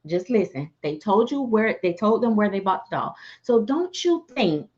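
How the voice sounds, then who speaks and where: A woman who makes and sells dolls, ranting on a livestream in a sassy, animated way and cussing freely. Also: mid-range voice, normal speed, muffled recording. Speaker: doll artist and seller. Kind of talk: livestream rant.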